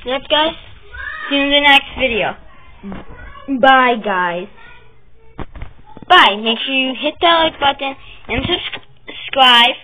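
A woman hosting a casual vlog, chatting and rambling as she shows her drawings, with the hiccups and bursts of excitement. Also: high-pitched, moderate pace. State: has the hiccups. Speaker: channel host showing her drawings. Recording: tinny phone-like sound with faint noise.

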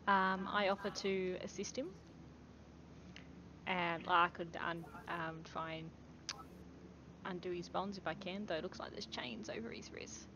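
A woman's voice: on the low side, little pitch movement, unhurried, long pauses, background noise. A woman with an Australian accent playing a tabletop game, speaking hesitantly with ums and small stumbles. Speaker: player.

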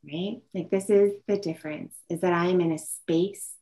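A woman's voice: fairly low pitch, steady tone, normal speed, dark tone, rough recording. A woman presenting an online parenting workshop, telling a story from her own family and acting out what she says to her children.

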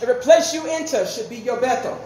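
High-voiced woman preaching in an echoey hall. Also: quick pace. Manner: call-and-response preaching, rising to shouts. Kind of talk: sermon. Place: church sanctuary. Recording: echoey church hall, faint noise.

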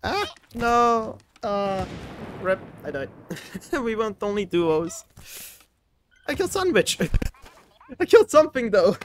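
A man's voice: high-pitched, big pitch swings, slow pace, long pauses, a little hiss or hum. A man streaming a video game with casual commentary, giggling often and poking fun at himself. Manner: giggly and self-mocking, laughs often.

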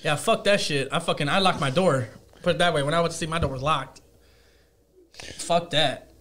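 A man with a fairly high voice telling a crude anecdote in loose casual chat. He swears constantly and acts out every quote, his voice leaping up and down. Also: moderate pace, a little hiss or hum. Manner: profane, animated, acts out quotes. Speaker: podcast guest. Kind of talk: casual storytelling.

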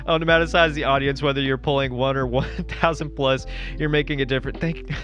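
A man streaming live, reacting excitedly to his chat with frequent laughter and thanks. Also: medium pitch, fast, dull audio, soft background music. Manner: excitable, laughing, overwhelmed and grateful.

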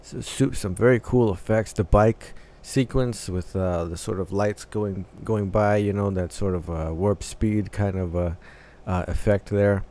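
A man's voice: fairly low pitch, fairly even intonation, measured pace, hardly any pauses, warm tone. A man hosting a music reaction, casually analyzing the vocals and arrangement as he listens, often restarting phrases as he thinks aloud.

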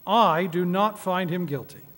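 A man's voice: high-pitched, a little slow, fairly bright tone. A man reading as a wavering Roman governor. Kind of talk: liturgical scripture reading. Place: church sanctuary. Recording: echoey church hall.

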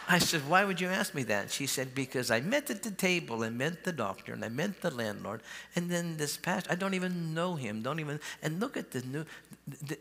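A man pastor telling a healing story in a sermon, acting out the dialogue and calling on the crowd to shout. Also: mid-range voice, creaky. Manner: animated, acts out quoted dialogue, calls for shouts. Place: large church hall. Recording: live church hall with long reverb.

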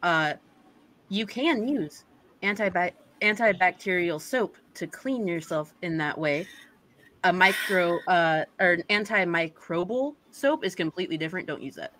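A woman with a lowish, bright voice. She explains things on a podcast in a matter-of-fact way. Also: animated, normal speed. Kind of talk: casual chat.

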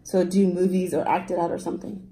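A woman's voice: on the low side, level tone, fast, warm tone, echoey room. A young woman chatting playfully with her partner, teasing and giggly as she runs a game. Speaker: vlogger, wife. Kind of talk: casual chat, playing a prank.

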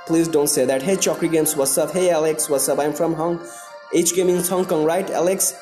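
Excitable man hosting a live stream. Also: on the high side, moderate pace, faint music behind. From India. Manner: excitable, greets viewers by name, repeats himself. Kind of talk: live-stream chat with viewers.

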